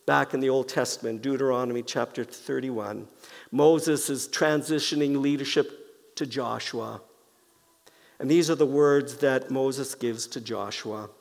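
A man preaching a sermon as pastor, speaking slowly and deliberately and softly repeating key phrases. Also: mid-range voice, vocal fry. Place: church sanctuary. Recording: long reverb of a church hall.

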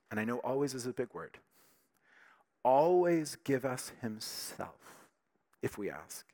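A man preaching a sermon with emphatic, animated delivery, dropping to quiet, intimate tones between louder passages. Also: mid-range voice. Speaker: pastor.

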